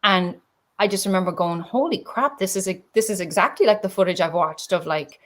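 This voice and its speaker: A woman talking as a guest over a video call. She speaks in an animated, expressive way and slips into short acted-out quotes as she tells things. The sound is that of a casual online chat. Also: lowish voice, brisk. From Ireland. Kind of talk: casual conversation.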